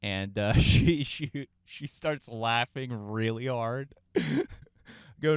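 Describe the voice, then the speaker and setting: A man's voice: medium pitch, slow pace, smooth, no echo, clean studio sound. A man in his thirties telling a comic story on a podcast, profane and rambling, with many restarts, acting out the lines he quotes. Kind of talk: casual comic anecdote.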